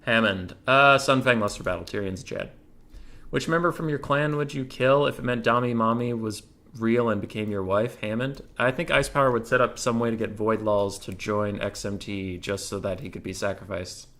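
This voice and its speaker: A man's voice: lowish voice, fairly bright tone. A man hosting a casual gaming Q&A, reading community questions and giving joking, offhand answers. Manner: joking, offhand, quick replies.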